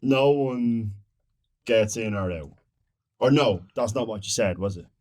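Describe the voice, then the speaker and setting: A man's voice: fairly low pitch, measured pace, a little mellow. A man playing a tabletop roleplaying game, blunt and profane in his banter. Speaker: player.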